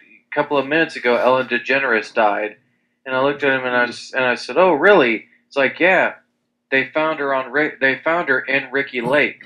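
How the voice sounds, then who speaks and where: Bright-voiced rambling young man. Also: mid-range voice, poor audio. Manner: rambling storyteller, restarts a lot, crude. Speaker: podcast co-host. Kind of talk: casual chat.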